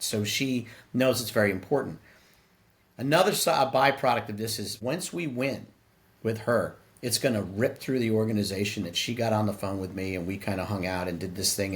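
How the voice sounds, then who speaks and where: Middle-aged guy on a podcast, tells stories with lots of energy, does little voices for the people he quotes. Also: lowish voice. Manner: animated storyteller, acts out quoted dialogue. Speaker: podcast guest, sales executive. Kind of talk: casual interview conversation.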